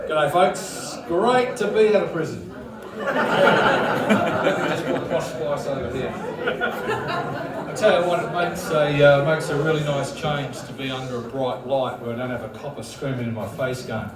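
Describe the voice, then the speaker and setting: A man's voice: a little high, measured pace. Australian male stand-up, swaggering bikie act, recorded far off with lots of noise. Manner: crude, swaggering bikie persona. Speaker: stand-up comedian. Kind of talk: stand-up comedy set. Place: comedy club stage with a laughing crowd. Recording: very echoey room, distant, noisy.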